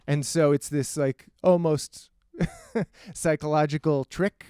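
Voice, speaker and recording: Smooth-voiced male comedian telling stories. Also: on the high side, slow pace, dry recording, studio quality. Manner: animated storyteller, slips into acted voices. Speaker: comedian guest. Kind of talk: casual podcast conversation.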